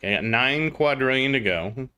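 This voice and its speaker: A man's voice: mid-range voice, expressive, a little fast, bright, forceful tone, clear, resonant tone. A man streaming a mobile game, chatting casually as he plays and greeting viewers in chat by name. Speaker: gaming livestreamer. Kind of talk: casual gameplay commentary.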